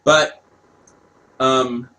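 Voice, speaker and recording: A man from Canada casually telling a personal story, animated, laughing and swearing as he goes. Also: medium pitch, extremely slow, poor audio.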